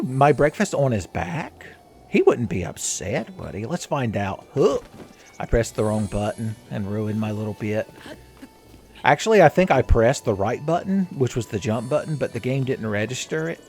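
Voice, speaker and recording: Animated, jokey man playing a game. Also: medium pitch. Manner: jokey, rambling, crude humor. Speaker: let's play host. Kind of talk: casual game commentary.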